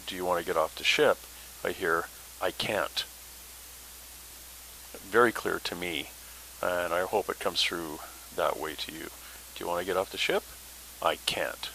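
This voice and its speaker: A man's voice: sits low, bright, forceful tone, a little hiss or hum, poor audio. A man hosting a paranormal podcast, telling his story in a casual, rambling way with many fillers.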